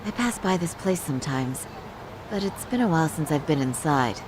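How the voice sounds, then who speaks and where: A woman's voice: sits low, expressive, moderate pace, noisy background. An actress playing a composed young woman going undercover as a bar hostess in a video game, polite and dry.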